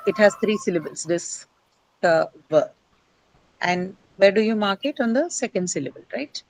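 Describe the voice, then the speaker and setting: A woman's voice: mid-range voice, lively intonation, fairly quick, no room sound, low-quality recording. A woman teaching English word stress to a class. She explains step by step, often says "uh", and asks her students questions.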